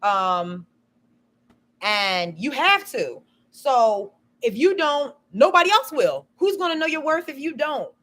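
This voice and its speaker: A woman's voice: high voice, big pitch swings, takes it slowly, fairly bright tone. A woman chatting casually on a live stream, telling a rambling story full of "you know" and "um".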